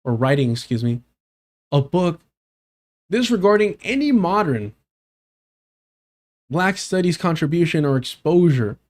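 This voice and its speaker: Male live-streamer, reacts to debate clip, swears a lot, incredulous and heated, slightly high voice. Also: very animated, measured pace, long pauses, a little mellow.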